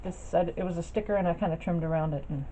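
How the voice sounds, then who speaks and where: Her voice sits on the low side and has a dark tone, and she talks rapid-fire. The craft vlogger chats loosely about the projects she's showing the camera, full of fillers and false starts. Sound quality is dull and lo-fi with a faint hiss of noise.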